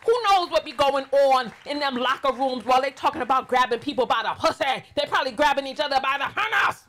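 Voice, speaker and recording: A woman's voice: high voice, fast, fairly bright tone. A woman with a New York accent hosting a casual commentary vlog, blunt and sarcastic as she scolds her viewers. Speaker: commentary channel host.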